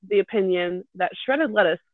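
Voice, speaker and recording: A woman telling a rambling story in casual podcast chat, animated and full of restarts. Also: medium pitch, moderate pace, no room sound. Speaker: kindergarten teacher. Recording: dry, tinny phone-like sound.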